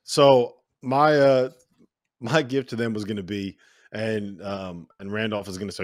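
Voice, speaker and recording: A low-voiced man hosting a sports podcast, recorded close and dry. He keeps the energy up and runs the segment, tossing questions to his co-hosts. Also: a little slow, no echo. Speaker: podcast host. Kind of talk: casual sports chat.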